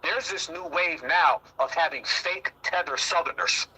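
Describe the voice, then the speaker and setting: A man's voice: fairly high pitch, a little slow, bright, forceful tone, breathy edge, poor audio. A man hosting a heated commentary talk show, emphatic and repetitive, often swearing. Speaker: host.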